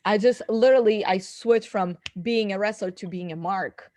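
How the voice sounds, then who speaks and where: A young woman guest on a podcast, telling stories with giggly excitement. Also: mid-range voice, moderate pace, no room sound. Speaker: guest wrestler. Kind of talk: casual interview chat.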